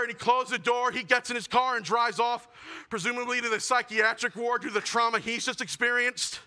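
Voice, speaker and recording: A young man performing a self-mocking stand-up comedy set, building to shouted punchlines. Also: very high-pitched, steady tone, brisk. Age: young adult.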